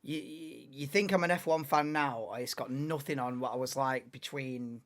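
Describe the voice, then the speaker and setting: A man in his late twenties, hosting a live race watchalong in an excitable, rambling, chatty way. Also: medium pitch, normal speed. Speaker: livestream host.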